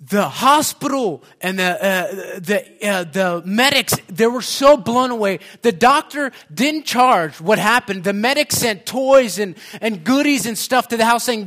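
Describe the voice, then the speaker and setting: Guy preaching a sermon, pretty high bright voice, lots of uh's and restarts, gets loud and fired up. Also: animated, a little slow. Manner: storytelling, building to loud impassioned preaching; many fillers and restarts.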